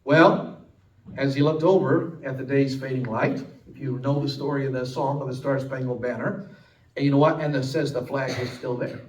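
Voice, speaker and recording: Dramatic preacher in an echoey church. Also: male voice, fairly even intonation, normal speed, recorded from a distance. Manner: dramatic, swinging from loud, high and emphatic to low and hushed. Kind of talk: sermon storytelling. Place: church sanctuary.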